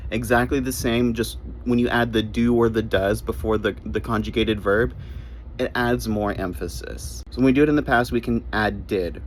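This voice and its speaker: A man's voice: fairly low pitch, steady tone, normal speed, a little hiss or hum, low-quality recording. A man giving short English grammar lessons, spelling words out letter by letter and repeating his key points. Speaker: English teacher.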